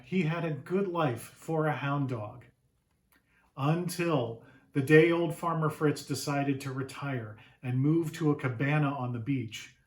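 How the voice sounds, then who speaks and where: Here a man brings his self-authored picture book to life for children, pausing to pose questions along the way. The room's echo is noticeable, and his voice sits somewhat high for a male speaker.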